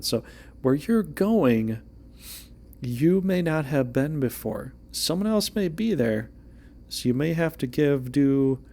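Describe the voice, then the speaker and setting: Gravelly man rambling through a casual tarot reading. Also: medium pitch. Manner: rambling and joking, with frequent restarts. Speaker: amateur tarot reader.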